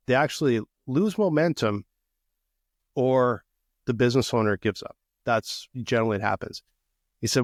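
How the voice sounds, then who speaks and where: A man's voice: mid-range voice, dry recording, clean studio sound. A man co-hosting a podcast in casual chat, rambling through asides and leaning on fillers like "like" and "you know". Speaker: podcast co-host.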